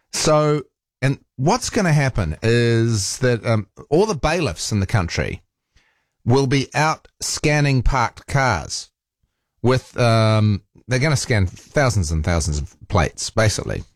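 Speaking into a studio microphone, a man with a New Zealand accent and a mid-range voice hosts a casual talkback radio show. The sound is clean with no echo, and he rambles along with fillers and restarts.

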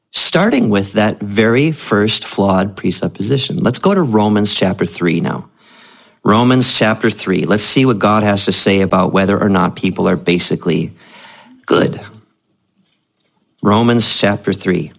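Male pastor, sermon delivery, conversational and emphatic, very animated pitch. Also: creaky. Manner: conversational preaching, rising to emphatic.

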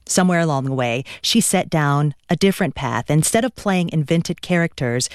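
A radio interview host reading a scripted introduction and then asking questions in a measured way. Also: mid-range voice, a little mellow, dry recording, studio quality. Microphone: studio mic.

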